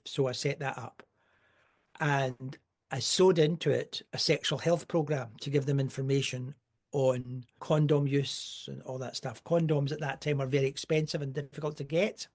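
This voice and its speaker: A man's voice: on the high side, darkish tone. An older man, a podcast guest telling rambling, wry anecdotes with asides. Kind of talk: casual storytelling.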